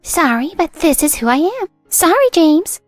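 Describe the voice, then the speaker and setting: A woman's voice: very high-pitched, big pitch swings, moderate pace, no echo, faint music behind. A woman voicing a haughty, mocking young daughter-in-law in a narrated drama story, with a sneering, dismissive way of talking. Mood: cold.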